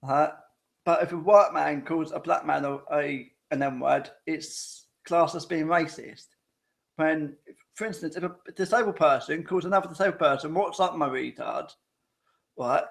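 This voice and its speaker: A rambling man hosts a casual live-stream chat. His voice sits a bit high and has heavy vocal fry. He keeps circling back on his own sentences and tosses questions to his viewers. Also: fairly even intonation, normal speed. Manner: rambling, repetitive, frequent restarts; addresses viewers directly with tag questions.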